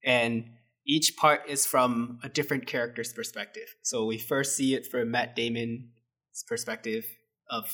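A man's voice: mid-range voice, steady tone, unhurried, pushed and bright, breathy edge. A man co-hosting a casual movie review chat, sarcastic and often laughing. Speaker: podcast co-host.

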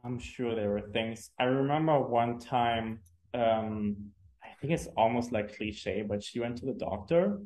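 Relaxed German man telling stories. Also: medium pitch, measured pace, slight background noise. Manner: relaxed storyteller, laughs easily. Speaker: guest, agency co-founder. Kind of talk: casual interview chat.

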